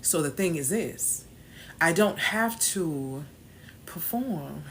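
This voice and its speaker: Woman w/ preaching a motivational talk, lowish voice, repeats herself, faint hum behind. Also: expressive, slow pace, fairly bright tone. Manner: emphatic, preachy, repeats key phrases. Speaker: host.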